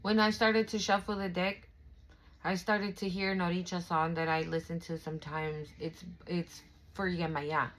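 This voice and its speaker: A woman's voice: lowish voice, little pitch movement, moderate pace, low-quality recording. A young adult woman giving a casual spiritual card reading, chatty and affirming, with fillers and swearing. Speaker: tarot reader.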